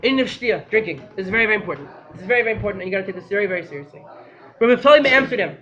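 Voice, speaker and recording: Man teaching a torah class, fast talker, bright voice, excitable, sometimes shouting. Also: high voice, dull audio. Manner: excitable, breaks into shouting, mixes Hebrew and Yiddish terms. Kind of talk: storytelling Torah lesson.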